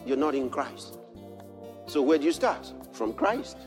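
A man preaching a sermon, telling a personal story and reading scripture, building to impassioned shouts. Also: medium pitch, expressive, unhurried, over music.

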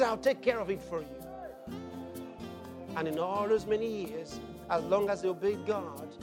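A man preaching a sermon in an animated way, laughing and raising his voice to shouts. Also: high-pitched. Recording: long hall reverb with faint music.

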